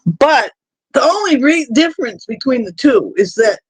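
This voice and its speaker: Live stream host, male, high voice, dry close sound, rambling anecdotal talker. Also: very animated, moderate pace, slightly rough, no echo. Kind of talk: casual chat on a live stream.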